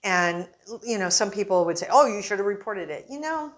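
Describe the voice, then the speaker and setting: A woman newspaper reporter, a guest on an interview show, telling animated anecdotes and acting out quotes in casual conversation. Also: mid-range voice, brisk. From Arizona.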